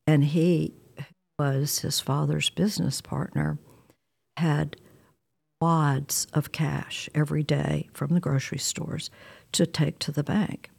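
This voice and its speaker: Gravelly low-voiced woman. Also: slow pace. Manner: candid, wry, animated retelling with quoted dialogue. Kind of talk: personal storytelling.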